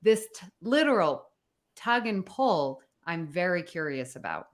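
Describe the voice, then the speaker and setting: A woman's voice: on the low side, sing-song, unhurried. A woman co-hosting a podcast, musing aloud in casual chat. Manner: musing, curious. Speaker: co-host.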